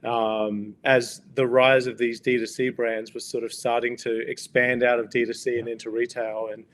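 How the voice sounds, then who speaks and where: Male guest, Australian accent, relaxed and a little hesitant. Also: mid-range voice, normal speed. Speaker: guest, company co-founder. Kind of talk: casual interview chat.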